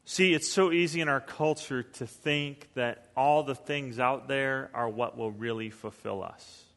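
A man's voice: mid-range voice, unhurried, a bit bright, long reverb tail. A male pastor giving a conversational sermon, acting out the voices of the people he quotes.

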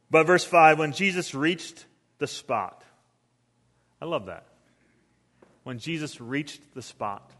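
A middle-aged pastor, preaching a sermon with lively storytelling and sudden swings between loud and soft. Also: male voice, a little high, slow pace, long pauses. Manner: storytelling with acted quotes, animated swings in volume. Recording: long reverb of a hall.

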